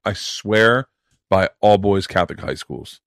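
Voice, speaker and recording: A man's voice: deep voice, animated, a little slow, gravelly, fairly bright tone. A man hosting a podcast, telling stories in a loose, profane, joking way. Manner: profane, storytelling. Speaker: podcast host; stand-up comedian. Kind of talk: casual chat.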